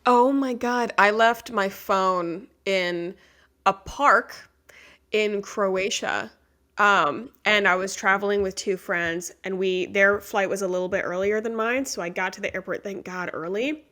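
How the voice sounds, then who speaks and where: A woman hosting a podcast interview, telling stories with lots of laughter in a casual, animated way. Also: mid-range voice, unhurried. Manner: animated storyteller, laughs often. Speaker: podcast host.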